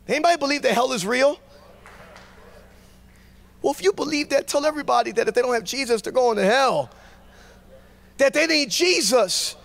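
Fervent, high-voiced preaching man. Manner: fervent preaching, shouting out declarations. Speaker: guest pastor. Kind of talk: sermon. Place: church sanctuary with a congregation.

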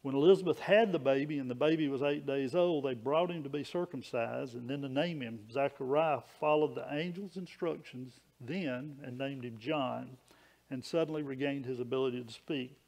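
Man, church preacher, folksy conversational sermon delivery, mid-pitched voice. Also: normal speed, creaky, a little mellow. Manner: folksy, conversational preaching with small stories and restarts.

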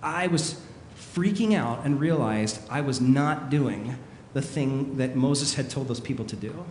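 A man preaching a sermon as a pastor, telling stories with animated energy and acting out people's panicked words. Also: mid-range voice, a little slow. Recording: echoey hall with long reverb, faint noise.

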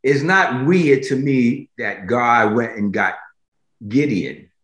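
A man's voice: medium pitch, slow pace, fairly bright tone. A man preaching a sermon, emphatic, repeating phrases for stress and asking his listeners directly if they follow. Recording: roomy echo.

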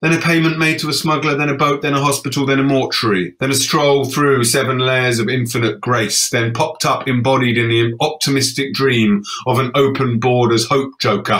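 Man, mid-pitched, for a wry spoken-word stage monologue; lilting delivery that swings from hush to outburst. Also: moderate pace. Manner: wry, lilting, shifting from hushed to exclaiming. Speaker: author performing his own text. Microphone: stage performance.

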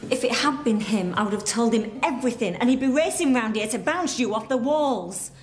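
A woman's voice: fairly high pitch, expressive, fairly quick, roomy sound, slight background noise, natural voice. A woman playing a firm, flustered colleague. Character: married woman rejecting a colleague's advances. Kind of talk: television soap acting.

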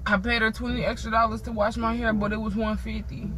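A woman's voice: fairly high pitch, flat delivery, fast, a bit bright, faint music behind. A young woman in a car, pleading and whining through casual banter with a friend. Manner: pleading, whiny. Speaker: channel host. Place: inside a car.

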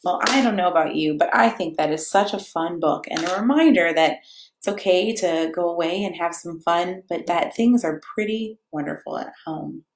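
A woman reading a picture book aloud to children in a playful, animated way, chatting to them and to her dog between pages. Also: fairly low pitch, moderate pace. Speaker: children's story reader. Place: church or home room, echoey. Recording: echoey room.

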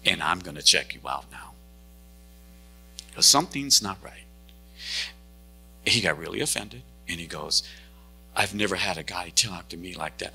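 A man's voice: low-pitched, vocal fry, bright, forceful tone, husky. A male pastor preaching a sermon and telling a story, acting out the lines of each person in it. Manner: storytelling preacher who acts out dialogue. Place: church sanctuary.

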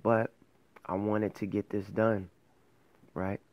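A man's voice: on the low side, level tone, slow pace, darkish tone, dry recording. A man hosting his own faith show, talking casually and earnestly to camera, rambling and correcting himself as he goes. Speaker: host of an online faith show.

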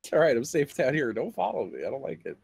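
A man's voice: mid-range voice, very animated, fast talker, creaky, a little mellow. A man joking and laughing through casual gaming banter with friends. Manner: giggly, jokey. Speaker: gamer.

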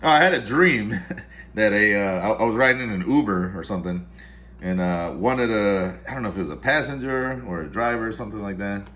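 A man's voice: on the low side, a little fast, fairly bright tone. A man hosting a casual vlog at home, rambling and cursing, muttering to himself as he works. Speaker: vlog host. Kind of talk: casual chat while making coffee. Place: home kitchen-dining room.

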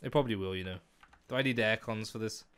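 A young man giving excitable let's-play commentary, talking to the animals and exclaiming often. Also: fairly low pitch, fast, clear, resonant tone. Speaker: gaming YouTuber.

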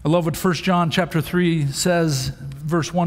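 A man's voice: fairly high pitch, steady tone, unhurried, few pauses. A male pastor preaching a sermon, telling stories with emphatic rises in his voice. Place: church sanctuary. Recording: long hall reverb.

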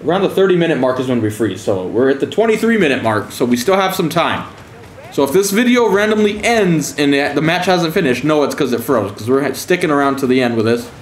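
A man streams a game with crude, sarcastic commentary, taunting the other team in mock fear. His voice sits a bit high. The sound is roomy, with a faint hiss behind it. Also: lively intonation, brisk. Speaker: gaming streamer. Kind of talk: profane gameplay commentary.

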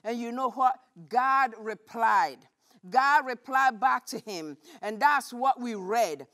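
Woman pastor, high voice, sermon, animated storytelling, rhetorical questions. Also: slow.

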